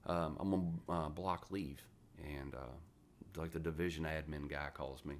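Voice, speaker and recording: Deep-voiced, profane former Marine storyteller. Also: male voice, a little slow. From West Virginia. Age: 40s. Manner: profane, animated storyteller who acts out quoted dialogue. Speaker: podcast guest, retired Marine. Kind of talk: casual storytelling interview.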